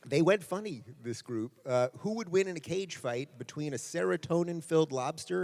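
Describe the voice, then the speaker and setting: A man's voice: fairly high pitch, animated, moderate pace, creaky, a little mellow. A man moderating a live question session, reading audience questions in a playful way. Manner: playful, laughs at answers.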